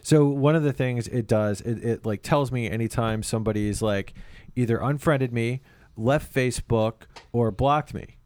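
Man, rambling casual chat, lots of fillers, mid pitch, dry sound. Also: moderate pace, a little mellow, no echo. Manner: rambling, stammers and fills with "like".

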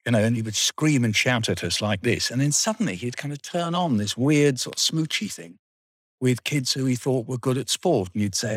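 A man's voice: mid-range voice, a little fast, no room sound. Older man, rambling storyteller, dry humour, close dry sound. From England. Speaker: guest. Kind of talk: reminiscing interview.

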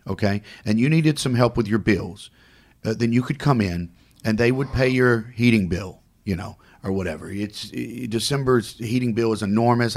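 Male podcast co-host, casual storyteller, jumps into other people's voices. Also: medium pitch. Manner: animated, acts out voices in his stories.

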